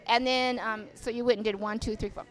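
A woman's voice: a little high, brisk. Older woman telling wild stories in a bar. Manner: animated storyteller, swears freely, acts out voices. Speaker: interview guest, veteran dancer. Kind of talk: casual storytelling interview. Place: inside a bar venue. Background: faint music.

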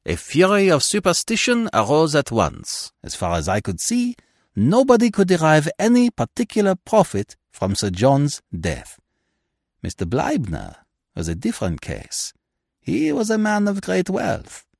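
A man voicing a calm middle-aged male detective in an audiobook reading, gentle, measured and grave. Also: a little high, vocal fry, no room sound, clean studio sound, voice pushed up, full character voice. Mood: placid, explaining.

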